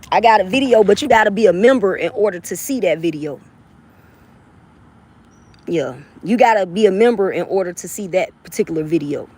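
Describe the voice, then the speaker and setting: Brash laughing Southern woman, husky voice. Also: medium pitch, darkish tone. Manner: brash, playful, laughs often, swears freely. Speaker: rapper chatting with viewers. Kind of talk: casual livestream chat.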